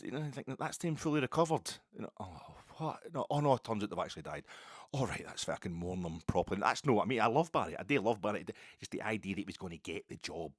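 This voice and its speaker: A Scottish man with a notably low voice, talking at length on his own podcast in a loose, wandering way and drifting into side remarks. The recording sounds close and very dry. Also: husky, no echo. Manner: rambling, digressive, chatty with asides. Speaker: podcast host. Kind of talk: solo football podcast monologue.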